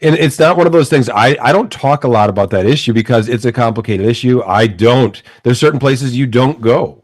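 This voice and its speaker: A man's measured voice in a dry, close-miked setting, talking politics casually. He thinks aloud, stumbling and restarting as he builds his point. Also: mid-range voice, no echo. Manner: measured, hesitant, many restarts.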